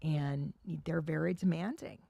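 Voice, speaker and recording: A woman's voice: low voice, fairly even intonation, creaky, mellow, slightly rough, dry recording. A woman from Eastern Europe hosting a chat, eager and profane, egging her guest on. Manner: eager, profane, quick to laugh along. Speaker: host. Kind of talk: casual chat.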